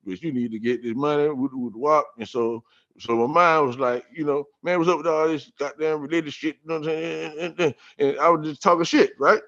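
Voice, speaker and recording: Man, higher voice, profane, streetwise, animated storytelling, muffled lo-fi recording. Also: a little fast. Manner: animated, repeats himself. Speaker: podcast guest. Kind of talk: casual talk on scripture. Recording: dull lo-fi sound.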